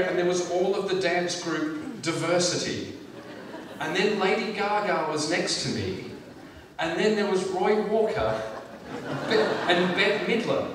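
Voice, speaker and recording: An Australian man telling an animated stand-up story on a theatre stage. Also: high voice. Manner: animated, switches into quick voices for others. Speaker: stand-up comedian. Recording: echoey theatre from far off with audience noise.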